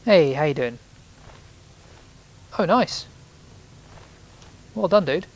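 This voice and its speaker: A man's voice: fairly high pitch, expressive, slow pace, rough recording. A man giving casual let's play commentary, chatty and reacting aloud with sudden exclamations as he plays.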